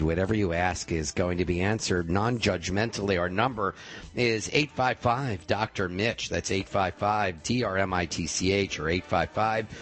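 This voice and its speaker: A man hosting a call-in radio talk show, chatting casually and explaining at length with asides. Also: fairly low pitch.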